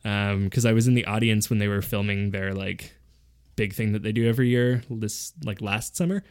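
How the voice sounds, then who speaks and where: A young man hosting a podcast, telling a story in a casual, animated way and often breaking into laughter. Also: lowish voice, normal speed, clear, resonant tone. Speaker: podcast host.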